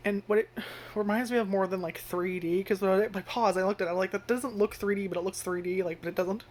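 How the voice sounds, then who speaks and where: A woman's voice: mid-range voice, quick pace, a little hiss or hum. A woman giving casual first-impressions commentary on an anime, rambling with lots of filler words and frequent swearing. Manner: animated, jumps into loud acted-out reactions. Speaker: anime reviewer.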